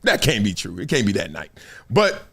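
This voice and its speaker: A man hosting a casual live-stream commentary show, animated and often laughing as he mocks the people he talks about. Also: lowish voice, moderate pace, creaky, slightly rough. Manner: animated, laughing, mocking impressions. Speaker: host.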